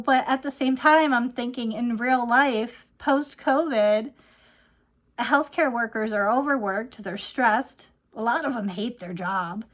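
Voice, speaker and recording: Slow-talking chatty woman in her thirties. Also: a little high. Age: 30s. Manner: rambling, chatty, laughs often. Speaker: vlogger. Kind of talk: casual rant to camera.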